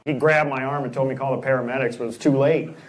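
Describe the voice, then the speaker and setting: A man doing stand-up comedy, firing off punchy one-liners and quick asides to the crowd on a club stage. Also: medium pitch, fairly even intonation. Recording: echoey club with loud audience laughter. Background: audience laughing and applauding.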